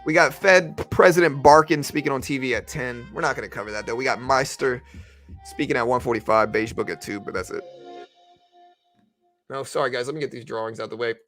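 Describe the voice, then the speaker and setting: A man's voice: medium pitch, a little fast, a bit bright, faint music behind. A man giving rambling, casual live-stream commentary on trading, talking to his viewers with lots of fillers. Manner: rambling, conversational, full of fillers.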